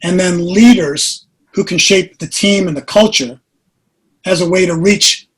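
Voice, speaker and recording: A man in his sixties, a podcast guest, earnestly telling a personal story with animated delivery. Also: high voice, a little slow, breathy edge, low-quality recording. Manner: earnest, animated storyteller who acts out quotes.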